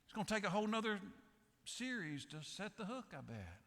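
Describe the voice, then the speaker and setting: A man's voice: high voice, sing-song, fairly quick, a bit bright, long reverb tail. A man preaching a sermon as pastor, joking and telling stories in a folksy way. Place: large church sanctuary.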